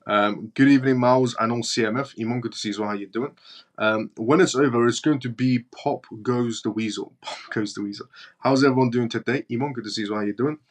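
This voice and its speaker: A British-accented man hosts a crypto live stream, reading news and viewer comments aloud in a blunt, mocking way. His voice is mid-range and steady in tone, and he talks fast.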